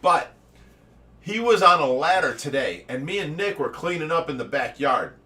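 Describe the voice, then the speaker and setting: Brief: Ohio man, casual host, lively storyteller, slightly higher voice, heard a little off-mic. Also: moderate pace, far from the mic. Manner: animated storyteller, laughs often. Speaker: fish rescue owner, livestream host. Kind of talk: casual livestream chat.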